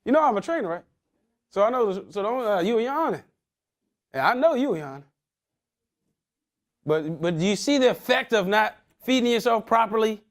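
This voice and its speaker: Lively high-voiced male motivational speaker. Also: normal speed, long pauses. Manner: animated, quizzing the audience with casual slang. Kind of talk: interactive talk to a young audience.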